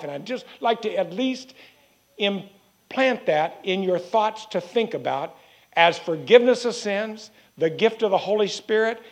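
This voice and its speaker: High-voiced man preaching a sermon. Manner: earnest, repeats phrases, slows for emphasis.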